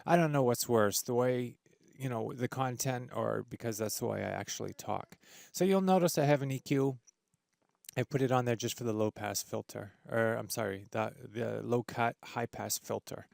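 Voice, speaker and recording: A man hosting a casual audio software tutorial, enthusiastic and full of fillers and restarts. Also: medium pitch, normal speed, vocal fry, no echo. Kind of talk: screen-recorded software tutorial. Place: home studio with treated room.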